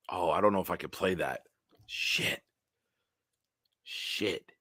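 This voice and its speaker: A man hosting a casual solo livestream, telling stories in a rambling, animated way with big swings in loudness. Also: sits low, slow, no echo, clean studio sound. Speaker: livestream host.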